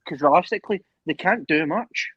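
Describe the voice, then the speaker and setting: A man's voice: on the high side, expressive, brisk, a bit bright, dull audio, slight background noise. A man in a casual chat who rambles and keeps tagging his sentences with "right".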